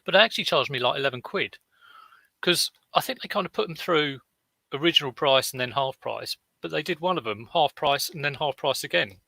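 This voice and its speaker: Middle-aged guy chatting away to his viewers, gravelly bright voice, dry close sound. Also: on the high side, animated, brisk, dry recording, poor audio. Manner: rambling anecdotal storytelling with asides to viewers. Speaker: online reseller vlogger. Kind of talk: casual chatty vlog to live chat.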